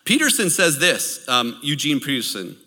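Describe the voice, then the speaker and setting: A man preaching a sermon as a pastor. He tells stories in a lively way and keeps checking in with his listeners. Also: on the high side, normal speed. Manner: lively storytelling, checks in with the audience. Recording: long hall reverb.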